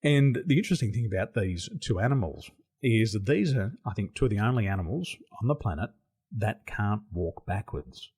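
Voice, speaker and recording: Speaking from home in Taiwan, this podcast guest is an Australian man whose voice sits on the low side and sounds slightly rough, moving at a normal speed. The interview is casual, and he tells lively stories punctuated by frequent laughter.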